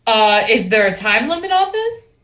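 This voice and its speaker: Bright-voiced chatty woman player. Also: on the high side, sing-song, moderate pace, low-quality recording. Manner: chatty, asks practical questions. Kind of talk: tabletop game play.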